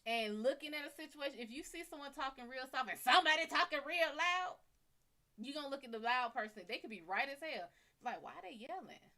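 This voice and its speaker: A woman psychic reader on a live stream offers blunt, animated relationship advice, acting out dialogue as she goes. Her voice sits high and her delivery is brisk.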